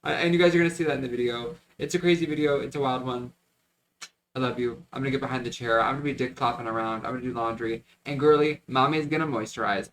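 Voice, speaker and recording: A man's voice: mid-range voice, steady tone, fast talker, fairly bright tone. A man in his twenties talking candidly to a phone camera on the go, swearing and switching between jokes and venting. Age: 20s. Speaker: vlogger. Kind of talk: casual vlog talk to camera. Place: out and about, car and stores.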